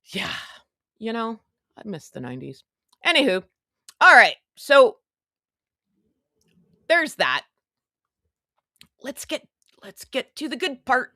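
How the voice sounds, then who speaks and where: A woman's voice: fairly high pitch, very animated, takes it slowly, long pauses, sharp tone, no room sound, studio quality. A woman hosting a casual live stream, talking in a sarcastic, rambling, chatty way. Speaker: online show host.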